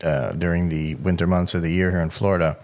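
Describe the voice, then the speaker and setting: Low-voiced man thinking aloud. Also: steady tone, fast. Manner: thinking aloud, restarts, builds a point. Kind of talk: casual chat.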